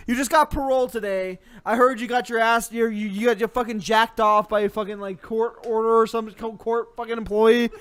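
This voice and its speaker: A man's voice: very high voice, fairly even intonation, a little fast, hardly any pauses, a bit bright, clean tone. A man hosting a comedy show, ranting angrily and swearing constantly, with mock threats. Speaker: host. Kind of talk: comedic profane rant.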